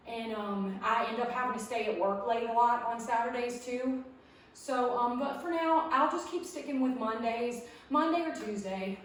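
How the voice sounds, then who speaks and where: A woman's voice: fairly high pitch, far from the mic, slight background noise. Woman, out of breath, chatty workout coaching, very echoey room. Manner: chatty, encouraging, says y'all. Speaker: fitness vlogger. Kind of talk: casual workout instruction. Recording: roomy echo, voice off-mic.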